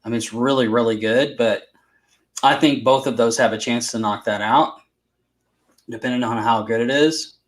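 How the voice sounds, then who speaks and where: A man's voice: medium pitch, fairly even intonation, moderate pace. A man co-hosting a live chat, telling stories with laughs and teasing friends. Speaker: co-host. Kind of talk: casual chat. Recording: echoey room.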